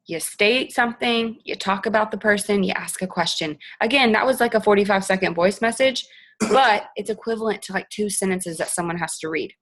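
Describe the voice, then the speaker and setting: A woman's voice: mid-range voice, a little fast, a bit bright. A young woman giving a chatty, upbeat coaching talk on a team call, acting out example messages. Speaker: direct-sales team leader.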